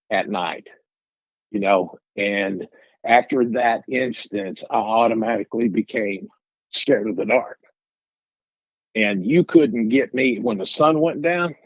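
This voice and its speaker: A man's voice: mid-range voice, dry recording, lo-fi sound. A middle-aged man from Arkansas, telling his story in a rambling, folksy way with restarts. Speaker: guest telling his encounter. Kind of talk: casual storytelling interview.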